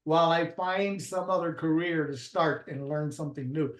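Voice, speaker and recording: A man from Puerto Rico, a guest in an interview, with a voice pitched a little above average. He tells stories in a rambling, casual way, full of restarts and fillers. The room adds a noticeable echo. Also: steady tone, normal speed. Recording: roomy echo.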